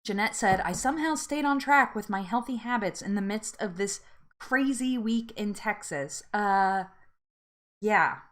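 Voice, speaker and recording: A woman's voice: medium pitch, lively intonation, measured pace, fairly bright tone. A woman hosting a live weight loss support chat, chatting casually, laughing often and reading out viewer comments.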